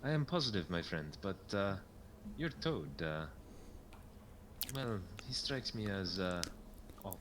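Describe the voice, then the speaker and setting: A man voicing a gentle, earnest female paladin who speaks softly, politely and with hesitation. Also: sits low, sing-song, slow, long pauses, noisy background, heavily acted.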